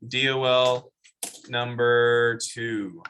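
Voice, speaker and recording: A man's voice: medium pitch, flat delivery, drawn-out words, bright, forceful tone, a little hiss or hum. A man teaching a math class, explaining step by step and asking the students questions. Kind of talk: classroom lecture.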